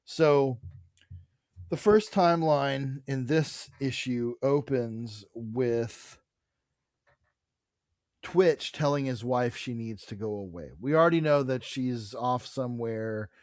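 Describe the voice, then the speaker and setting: A man co-hosting a casual comic book podcast, retelling scenes with animated bursts and the odd curse. His voice sits at an ordinary pitch and comes through dry and close, with no room sound around it. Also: takes it slowly, no echo. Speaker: podcast co-host.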